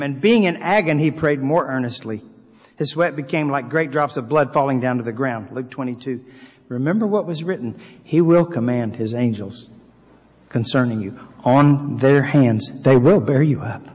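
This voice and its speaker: A man preaching a sermon as pastor in a church, reading scripture aloud with earnest, swelling emphasis. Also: mid-range voice. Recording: long hall reverb, slightly dull sound.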